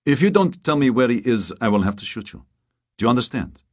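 A man's voice: mid-range voice, sing-song, a little fast, darkish tone, no echo, clean studio sound, voice pushed up. A man reading the lines of a terse, tense gunman in an audiobook. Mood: menacing. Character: tense armed hitman, terse and menacing.

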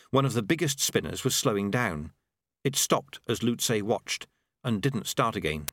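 A man reading a novel aloud in measured, expressive scripted narration. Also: mid-range voice, no room sound, clean studio sound. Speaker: audiobook narrator.

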